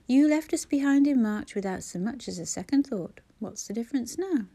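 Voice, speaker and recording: A frank, bossy woman friend, voiced by a woman reading a novel aloud. She lays down the law with firm, clear lines. Her tone is mellow. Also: on the high side, lively intonation, normal speed, voice pushed up.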